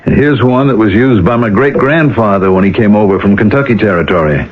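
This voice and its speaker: An actor playing a tormented middle-aged ex-convict who broods and breaks into shouts, in a 1970s radio drama. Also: male voice, fairly low pitch, fairly quick, close to an everyday voice. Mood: casual. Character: haunted ex-convict man, tormented, tense. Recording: tinny old radio broadcast with faint hiss.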